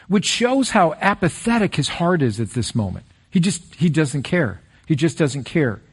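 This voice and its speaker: A middle-aged man preaching a sermon as pastor, earnest and animated, with direct appeals to the listeners. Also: high voice, slightly rough.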